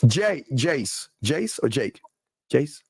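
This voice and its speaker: A man hosting a call-in podcast, loud and teasing, repeating names as he talks. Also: mid-range voice, big pitch swings, drawn-out words, gravelly, husky, no echo, clean studio sound. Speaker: show host taking calls. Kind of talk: casual podcast banter.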